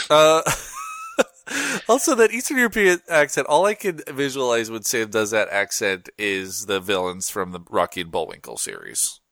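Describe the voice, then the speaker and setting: A man hosts a podcast in a casual, laid-back, slangy chat, his pitch swinging upward whenever he gets excited. He talks at a normal speed, and the studio-quality recording has no echo.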